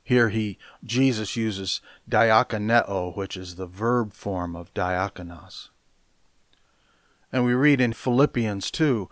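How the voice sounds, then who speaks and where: Slow, deliberate male Bible teacher. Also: lowish voice, dry recording, clean studio sound. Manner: deliberate, measured, explaining word by word with emphatic stresses. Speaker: preacher.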